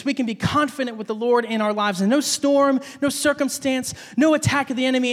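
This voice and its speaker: A man preaching a sermon as a pastor, telling a story with animated delivery and acting out voices, in a church. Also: extremely high pitch. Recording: long reverb of a large hall.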